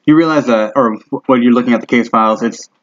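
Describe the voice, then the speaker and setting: Guy running a tabletop game, talks fast, swears a ton, muffled lo-fi. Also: mid-range voice, a little hiss or hum. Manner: casual, heavy swearing. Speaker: game master. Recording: dull lo-fi recording.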